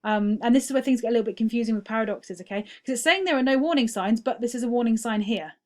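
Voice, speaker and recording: A woman's voice: fairly high pitch, fast, darkish tone. A woman teacher talking through quiz answers in a recorded feedback lesson, explaining step by step and often checking in with "okay?".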